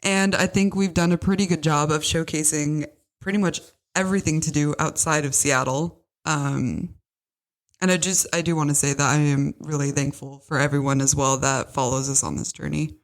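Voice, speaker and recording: A woman's voice: low-pitched, steady tone, normal speed. A young woman co-hosting a casual podcast from a small office, easygoing and teasing. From Washington State. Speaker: podcast co-host. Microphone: studio microphone.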